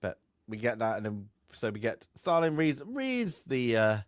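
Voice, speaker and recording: A man's voice: mid-range voice, very animated, moderate pace, no echo, clean studio sound. A man co-hosting a film podcast, chatting casually in a rambling way and laughing often between phrases. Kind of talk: casual chat.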